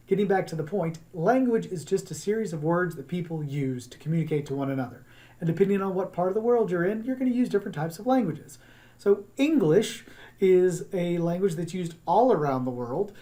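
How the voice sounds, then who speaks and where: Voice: medium pitch, lively intonation, mellow. A drama teacher from the States, giving a recorded online class in a chatty way that wanders into asides. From Southern United States. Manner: chatty, wandering into asides, drops into quick accent demos.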